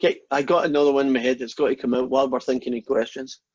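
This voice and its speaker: A man's voice: mid-range voice, steady tone, very fast, a little mellow. A male lecturer talking informally to his class over a video call, rambling and joking between explanations. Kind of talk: online lecture with jokes and Q&A. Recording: husky voice, dull lo-fi audio.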